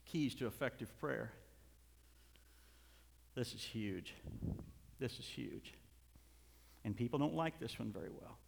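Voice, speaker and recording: A middle-aged man preaching a sermon as a pastor, moving from soft asides to loud, fervent outbursts, with small chuckles between points. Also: mid-range voice, expressive, takes it slowly, vocal fry, pauses often, a little hiss or hum. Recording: reverberant hall.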